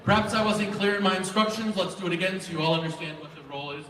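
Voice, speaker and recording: A man presenting to a large live student audience in an auditorium, energetic and animated as he directs the crowd. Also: high-pitched, quick pace. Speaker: event presenter. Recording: echoey hall, voice from far off.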